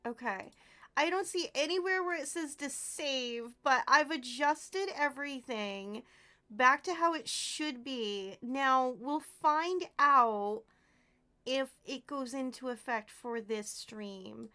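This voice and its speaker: A woman's voice: high-pitched, slow, sharp tone. A woman streamer chatting casually with her live viewers, giggling often and thanking them by name.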